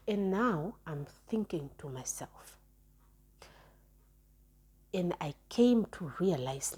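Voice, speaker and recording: A young woman talks through a personal story in a relaxed vlog monologue. Her voice sits low, dark and mellow, with a very husky, breathy grain. She is frank and chatty, often stumbling and repeating words as she restarts. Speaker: storytime vlogger.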